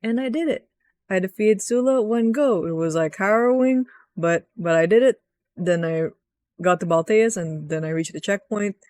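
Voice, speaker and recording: A young woman recapping a video game in a rambling, excitable rant, swearing often and jumping up in pitch when frustrated. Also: normal speed. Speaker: gaming vlogger.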